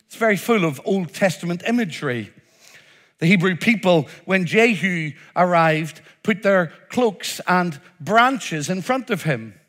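Bright, high-voiced male preacher. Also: expressive, measured pace. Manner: emphatic, acts out crowd cries in rising voice. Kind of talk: sermon.

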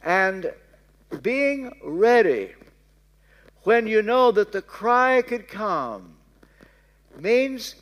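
Older male preacher, Kentucky accent, storytelling sermon, high and lively voice. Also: extremely slow, pauses often. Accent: Southern American, Kentucky. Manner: storytelling, dropping to soft hushed tones for prayers. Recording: reverberant hall.

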